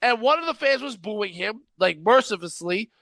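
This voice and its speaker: A man hosting a casual chat show, ranting and exasperated, with frequent laughs. His voice sits very high and sounds sharp and bright. The recording is dry and close. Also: animated, normal speed, creaky, dry recording. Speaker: podcast host.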